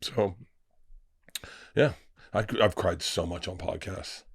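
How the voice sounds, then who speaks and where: A man's voice: low-pitched, takes it slowly, gravelly, husky, dry recording. A comedian in his fifties chatting as a podcast guest, swearing freely and acting out quotes while he tells stories. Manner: profane, animated storyteller acting out quotes. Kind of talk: casual podcast chat.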